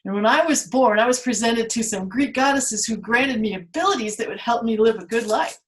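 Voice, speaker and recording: A woman's voice: fairly high pitch, brisk, a bit bright, lightly acted. A woman playing Pandora, a curious, vain young woman from Greek myth, in a playful, theatrical storytelling manner.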